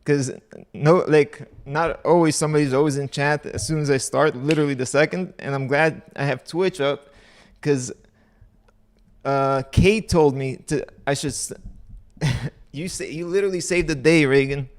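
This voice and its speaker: A man's voice: fairly high pitch, normal speed. A man hosting a casual livestream, chatting to viewers in a rambling way and laughing often. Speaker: livestream host.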